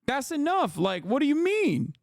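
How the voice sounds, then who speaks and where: A man with a very high-pitched voice hosts a stream and rants in casual commentary. He swears freely and mocks with open disbelief. The sound is close and dry, with no room echo. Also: wildly swooping pitch, moderate pace, vocal fry. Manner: profane, incredulous, mocking. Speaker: streamer host.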